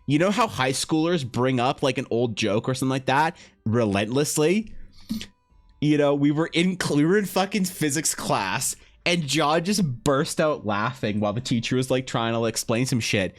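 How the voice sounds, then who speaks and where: A man streaming live, telling a story in casual talk. He swears freely, laughs often, and swings between loud bursts and low, muttered asides. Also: animated, normal speed, soft background music. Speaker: livestreaming artist.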